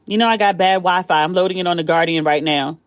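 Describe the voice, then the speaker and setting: Excitable woman podcaster with candid chatter. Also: fairly low pitch, fast, no room sound. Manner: candid, profane, excitable with laughter. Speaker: podcast host. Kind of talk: casual solo commentary. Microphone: phone.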